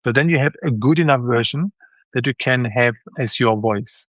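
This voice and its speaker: A man with a German accent, some Swiss in it, is interviewed casually as a guest author, being a native German speaker. He's animated and acts out quoted reactions in a medium-pitched voice at a moderate pace. The recording is dry and lo-fi.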